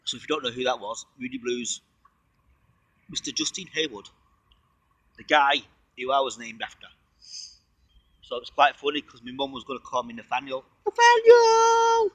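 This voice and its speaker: Casual male livestream host, bright and a touch husky, chatty rambler fond of wordplay. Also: medium pitch, steady tone, normal speed, long pauses, dry recording, poor audio. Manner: talks while eating.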